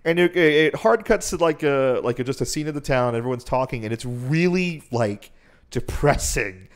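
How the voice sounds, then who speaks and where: Speaking at a normal speed with an animated, mid-range voice, a young podcast co-host casually chats his way through a game's story, rambling and swearing as he goes.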